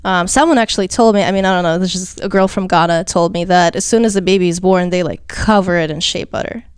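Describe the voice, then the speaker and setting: Chatty esthetician with a slight accent. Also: female voice, fairly low pitch, quick pace, smooth, no room sound, clean studio sound. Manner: chatty, explains skincare plainly with many fillers. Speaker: esthetician guest. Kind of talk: casual explanatory interview talk.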